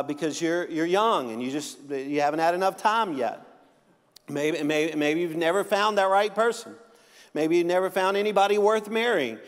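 High-voiced joking preacher. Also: male voice, in a large hall. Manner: joking, conversational, frequent restarts. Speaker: pastor. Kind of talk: sermon.

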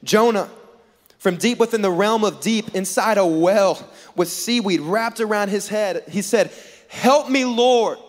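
With a high-sitting voice and a measured pace, a man on stage in a large hall preaches a sermon built around a funny story. He acts out the dialogue in different voices, stays animated and banters with the live audience, all under long hall reverb.

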